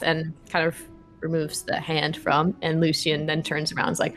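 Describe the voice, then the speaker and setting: A woman narrating a tabletop game as game master, animated and quick to laugh. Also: low voice, soft background music.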